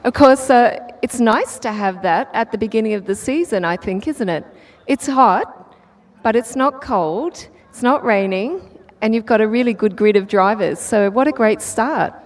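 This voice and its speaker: A woman's voice: on the high side, normal speed. A woman interviewing a driver trackside, upbeat and encouraging in her questions. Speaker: pit-lane interviewer.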